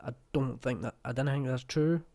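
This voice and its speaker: Speaking at a normal speed in a mellow, medium-pitched voice, a young man from the east of Scotland gives reaction commentary. He's chatty and blunt, and the swearing comes easily.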